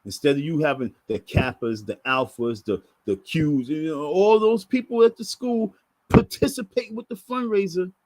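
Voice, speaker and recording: Husky man ranting and scolding. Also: a little high, moderate pace, darkish tone, no echo. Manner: scolding, profane, repetitive. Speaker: vlogger. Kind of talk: ranting monologue to camera.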